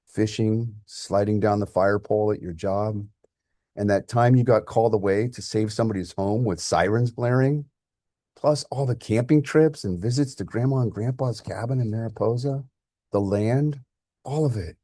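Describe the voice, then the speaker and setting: A man's voice: on the low side, normal speed, dark tone, no room sound, clean studio sound, natural voice. A man voicing a grown son, raw and emotional, who is angry at his father and later tender with him.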